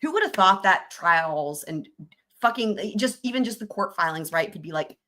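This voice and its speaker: Woman streamer, bright and forceful voice, jokey, giggles through legal readings. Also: mid-range voice, animated, moderate pace. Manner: giggly, jokey, trails off into laughter. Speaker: livestream host. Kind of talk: casual livestream commentary reading court filings.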